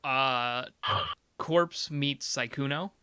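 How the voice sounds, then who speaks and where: A young man co-hosting a podcast in casual chat, animated and quick to laugh. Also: medium pitch, clean tone, no echo, studio quality. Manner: animated, laughs often, acts out reactions. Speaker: podcast co-host.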